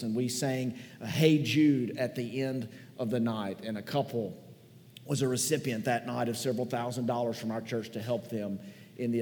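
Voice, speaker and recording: Sentimental pastor in a reverberant hall. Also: male voice, medium pitch, mellow. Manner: conversational, folksy, sentimental storytelling. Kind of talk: sermon. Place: large church hall.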